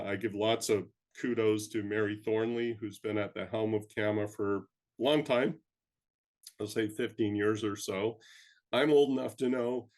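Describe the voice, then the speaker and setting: An older man from Canada, an interview guest who tells reflective stories in a humble, rambling way with frequent ums. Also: fairly low pitch. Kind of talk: reflective storytelling.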